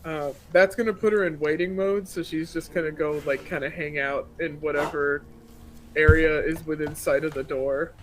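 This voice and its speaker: A man's voice: fairly high pitch, fairly even intonation, moderate pace, low-quality recording. A man playing in a tabletop game, casually describing what his character does. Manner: casual, easygoing. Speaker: player.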